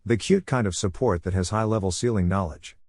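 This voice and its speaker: Fan-story hero, a cocky young male ninja, blunt and sarcastic, lowish plain voice, a man reading. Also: fairly quick, a little mellow, dry recording.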